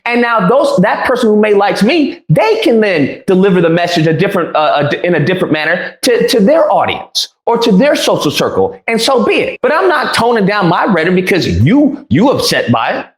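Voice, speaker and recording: A man in a played clip retelling an argument, defiant and repetitive. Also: high-pitched. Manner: defiant, repetitive, lively storytelling. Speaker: interview guest telling a story. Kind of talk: recounting an argument on a podcast. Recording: roomy echo from a played clip.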